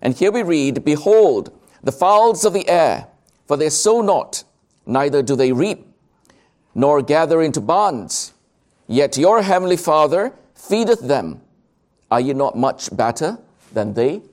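A man preaching a sermon, slow and emphatic, drawing out key words. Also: on the high side, very animated, darkish tone.

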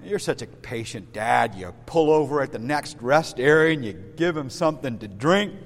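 A man's voice: mid-range voice, normal speed, big-room sound. A man, a pastor, preaching a sermon, telling a story and talking straight to his congregation. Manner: storytelling, lively, addresses listeners directly.

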